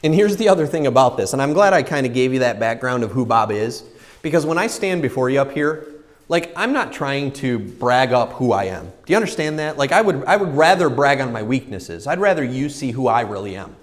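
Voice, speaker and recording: Lively, animated male pastor preaching. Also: mid-range voice, brisk, in a large hall. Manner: animated storytelling, acts out his own inner voices. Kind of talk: sermon.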